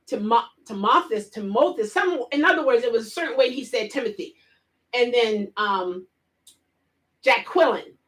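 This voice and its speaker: Lively woman vlogger chatting. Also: on the high side. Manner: animated retelling, laughs often, speaks straight to viewers. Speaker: vlogger hosting a live chat. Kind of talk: casual storytelling and chat.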